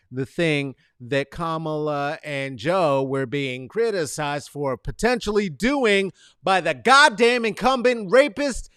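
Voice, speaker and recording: Animated, profane man ranting from home. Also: on the high side, clean tone, no echo, clean studio sound. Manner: emphatic, profane, swings between shouting and muttering. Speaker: show host. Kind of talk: casual solo commentary. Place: corner of his apartment used as a studio.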